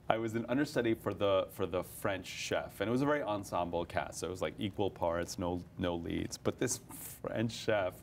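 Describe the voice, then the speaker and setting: A young man with a fairly low voice talks animatedly about his acting, often breaking into laughter and restarting sentences. A faint hiss of background noise sits under the recording. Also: moderate pace. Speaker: actor, interview guest. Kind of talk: casual interview chat.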